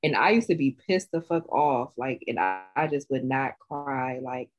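A woman's voice: rumbling low, animated, normal speed, soft background music. Reflective woman, slightly dull sound. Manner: reflective, open, supportive. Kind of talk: casual podcast chat.

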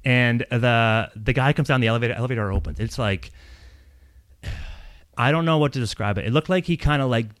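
At a brisk pace, a medium-pitched man tells a long personal story, rambling casually, cursing often and laughing as he goes, animated the whole way. There is no room sound.

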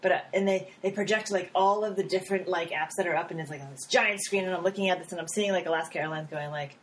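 A woman founder talking casually in an interview, animated, with lots of fillers, laughs and acted-out quotes. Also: lowish voice, quick pace, slight background noise, low-quality recording. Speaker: app founder.

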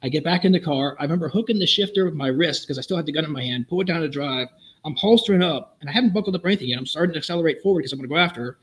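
A middle-aged man talks at a quick clip in a somewhat high voice. He is a police officer guest on a podcast, and he tells his story with energy, raising his voice to act out the lines he quotes. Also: fairly bright tone.

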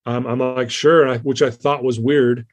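A man's voice: medium pitch, steady tone, normal speed. A man as an interview guest, telling a personal story in an earnest, rambling way with many fillers and restarts.

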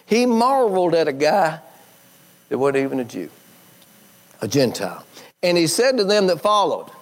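A man preaching a sermon in a folksy, conversational way, quoting scripture and swinging between high emphatic bursts and low quiet drops.

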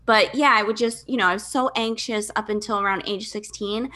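Bright-voiced chatty American woman. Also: mid-range voice, fairly even intonation, fairly quick. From Michigan, USA. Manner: candid, chatty, lots of fillers and self-deprecating laughs. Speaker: podcast guest. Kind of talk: casual conversational storytelling.

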